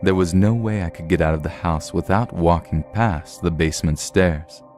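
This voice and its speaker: A man narrating true horror stories in a steady, measured storytelling read. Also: deep voice, soft background music.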